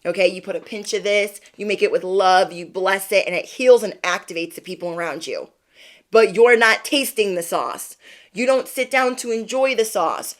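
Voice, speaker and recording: A woman tarot reader with a middle-pitched voice does a livestream card reading for her viewers. She's chatty, playful, and encouraging, addressing the people watching directly and repeatedly tossing in quick "okay?" check-ins.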